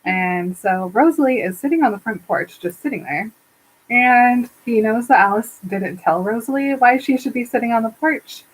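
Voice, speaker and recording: Podcast co-host, woman, husky voice, animated book-recap chatter. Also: fairly high pitch, moderate pace, poor audio. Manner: retells scenes with quoted character voices, laughing often. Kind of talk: casual book recap chat.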